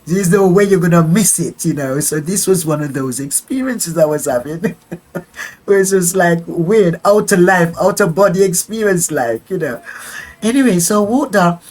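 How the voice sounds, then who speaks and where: An older woman telling a personal story as an interview guest. She is an animated storyteller who acts out dialogue and laughs often. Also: lowish voice, normal speed, rough recording.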